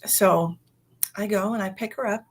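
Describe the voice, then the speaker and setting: A woman's voice: medium pitch, moderate pace. A woman in her forties, a psychic medium, telling a story in a chatty way on a livestream and often saying "you know". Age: 40s.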